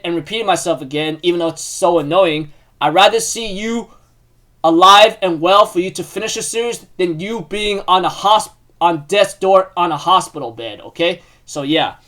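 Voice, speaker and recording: High-voiced young man rambling through a recap. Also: fairly bright tone. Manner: rambling, full of fillers and restarts. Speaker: manga recap host. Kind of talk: casual chapter recap.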